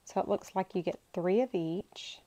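A woman's voice: lowish voice, normal speed, mellow, rough recording. A woman hosting a crafting channel, chatting casually and gushing to herself as she unboxes paper supplies. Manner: gushing, talks to herself while handling paper.

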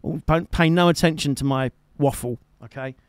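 Streaming live music from home, a guitarist and host chats casually with his viewers, teasing, joking and adding fond asides. He speaks at a moderate pace in a fairly high, clear, resonant voice, with no echo.

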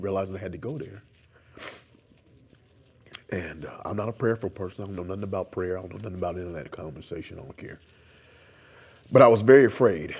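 A man with a husky, somewhat breathy voice tells his story in an oral history interview. He acts out the dialogue and prayers along the way. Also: on the low side, darkish tone. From United States. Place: seminary room.

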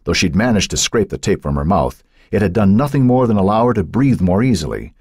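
Brief: male narrator, very deep and husky, lively rises and falls, dramatic measured reading. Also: dry recording, clean studio sound. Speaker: audiobook narrator. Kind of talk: scripted narration.

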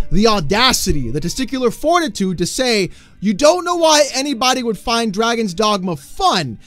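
A man running a gaming commentary channel rants with exasperated mockery that swings into shouting. His voice sits high.

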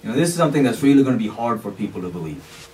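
A man's voice: mid-range voice, big pitch swings, very fast, a little mellow. A man giving an explanatory sermon from the pulpit of a mosque, talking conversationally with frequent "you know" and Arabic phrases. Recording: distant mic with faint background noise.

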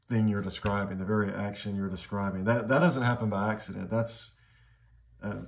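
A man giving a literature lecture in a reflective way. He thinks aloud and often restarts his phrases. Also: on the low side. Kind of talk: classroom lecture. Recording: faint background noise.

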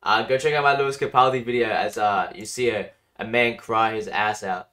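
A man hosting a casual music reaction video, chatty and enthusiastic, in a morning voice that sits deeper than usual. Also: fairly even intonation, a little fast, hardly any pauses, a bit bright.

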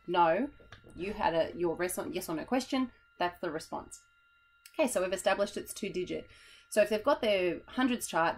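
Chatty, tired teacher woman, low voice. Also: rough recording. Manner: chatty, demonstrates classroom voices, laughs at herself. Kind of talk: teacher explaining a classroom method.

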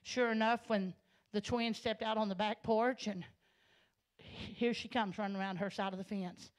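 A woman's voice: medium pitch, fairly even intonation, normal speed. Woman preaching a heartfelt church testimony. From Arkansas. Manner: storytelling, swells to loud passionate preaching. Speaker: guest speaker giving testimony. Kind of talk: Pentecostal sermon testimony. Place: church sanctuary.

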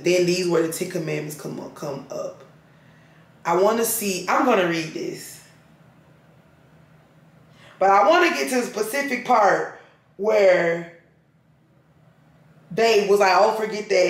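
A woman's voice: lowish voice, unhurried, pauses often. A woman, chatting casually and drawling asides while reading scripture aloud at home. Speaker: lifestyle vlogger. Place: at home, indoors. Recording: roomy echo.

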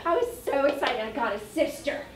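A woman's voice: high voice, a little fast, loud music behind the voice. A middle-aged woman, an early childhood educator, telling potty-training stories to parents in a chatty way with laughter. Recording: echoey room, mic at a distance.

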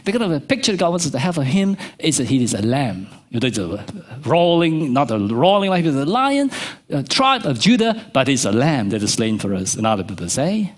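A middle-aged man preaching a sermon as pastor, swinging between soft low asides and high emphatic peaks. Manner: animated preaching, pitch jumping from low to high. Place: church.

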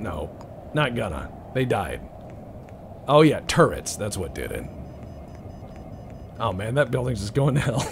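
A man's voice: mid-range voice, big pitch swings, unhurried, creaky, pauses often, background noise. A young man giving casual, joking commentary while playing a game, muttering to himself. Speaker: let's-play gamer.

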